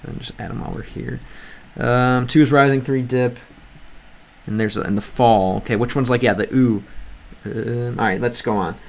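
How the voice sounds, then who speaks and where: Man, casual livestream chat, thinks out loud, reads chat, frequent restarts, desk mic. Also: mid-range voice, steady tone, normal speed, gravelly. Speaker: language-learning streamer.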